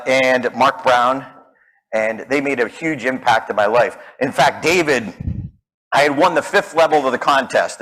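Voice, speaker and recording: Animated man telling stories. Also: medium pitch, rough recording. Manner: animated, acts out quoted voices. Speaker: public speaking coach. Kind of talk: storytelling keynote talk.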